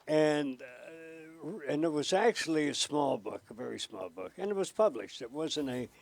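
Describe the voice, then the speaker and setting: A man in his seventies, a former TV weatherman, telling lively anecdotes as an interview guest. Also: a little high, moderate pace, creaky, a crowd in the background. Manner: animated storyteller who jumps between voices.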